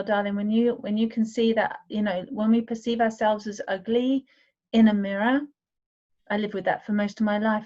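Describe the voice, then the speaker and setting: A woman's voice: mid-range voice, dark tone. A woman in a healing circle on a video call, speaking earnestly and affectionately to the others. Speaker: participant in a women's healing circle. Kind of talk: emotional sharing in an online circle. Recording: dull lo-fi sound.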